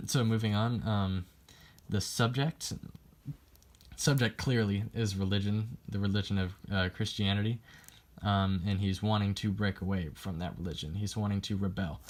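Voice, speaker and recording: A man's voice: lowish voice, normal speed. A young man giving a class presentation on a poem, hesitant and full of ums, reading quotes aloud as he explains them. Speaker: student presenting a poem analysis.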